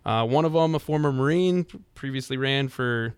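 A man's voice: mid-range voice, normal speed, clear, resonant tone, no room sound. A man co-hosting a political call-in show, rambling with frequent restarts. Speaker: radio talk show co-host. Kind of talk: casual political call-in talk.

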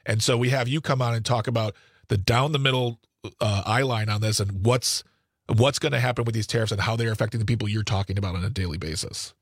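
A man's voice: lowish voice, steady tone, fast talker, slightly rough, no echo, studio quality. A man co-hosting a talk show, setting up a question for the guest at length in a friendly way.

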